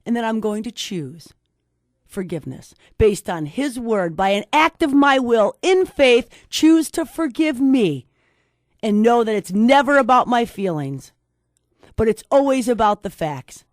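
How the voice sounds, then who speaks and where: Emphatic high-voiced woman speaker. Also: expressive, measured pace, no echo, studio quality. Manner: emphatic, preacherly, repeats key phrases. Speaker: host and speaker. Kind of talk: faith-based motivational talk.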